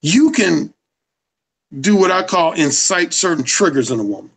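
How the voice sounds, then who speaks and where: A man's voice: fairly high pitch, expressive, moderate pace, gravelly, poor audio. A man being interviewed as a dating coach, lecturing emphatically and swearing freely. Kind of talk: casual interview.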